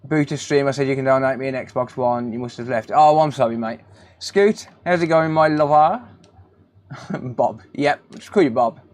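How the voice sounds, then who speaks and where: A man hosting a casual live stream, reading out viewers' names and calling them mate. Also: mid-range voice. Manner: relaxed, greets chat viewers by name, calls them mate. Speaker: live stream host, repair technician.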